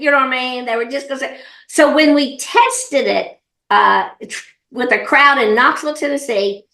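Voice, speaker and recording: A middle-aged woman with a Southern US accent, an animated, folksy comedian chatting in an interview. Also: fairly high pitch, roomy sound. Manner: animated storyteller, laughs often, folksy. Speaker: comedian and actor, interview guest. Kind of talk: casual interview chat.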